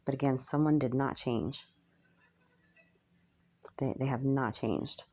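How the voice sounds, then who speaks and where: A woman's voice: a bass voice, steady tone, takes it slowly, warm tone. A young woman channeling messages for her viewers in a spiritual reading, musing aloud with frequent ums and hesitations.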